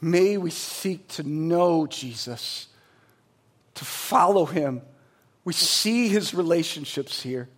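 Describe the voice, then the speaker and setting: A man in his forties, a pastor, preaching a sermon with energetic storytelling and emphatic, rising delivery. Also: a little high, takes it slowly.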